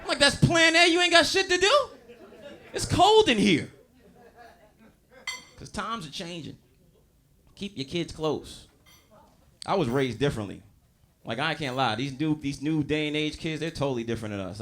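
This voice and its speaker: A male stand-up comedian in his thirties with a New York accent, doing loud, animated crowd work full of profanity. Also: medium pitch, fairly quick. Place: comedy club stage. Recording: live room with audience. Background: audience laughter.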